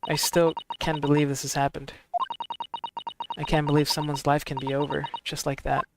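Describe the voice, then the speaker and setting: A gentle young woman, spoken softly by a man reading her lines in his own voice. The voice sits slightly high, with game music clearly under it. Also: little pitch movement, moderate pace. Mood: sorrowful. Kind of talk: reading game dialogue aloud.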